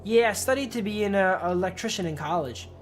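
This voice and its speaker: A man's voice: high voice, fairly quick, close to an everyday voice. Casting: a man reading a wary young city guy, terse and reluctant, game music behind. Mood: guarded. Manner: flat, reluctant, clipped replies.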